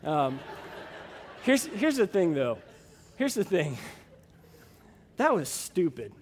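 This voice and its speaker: A man's voice: on the high side, sing-song, slow pace, in a large hall, a little hiss or hum. A man pastor preaching a sermon and telling a personal story in a folksy way, with many fillers.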